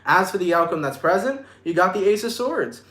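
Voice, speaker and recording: Dude doing a live tarot stream, bright voice, swears a lot, echoey room. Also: male voice, high voice, sing-song, a little fast. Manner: profane, emphatic, reassuring. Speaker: tarot reader.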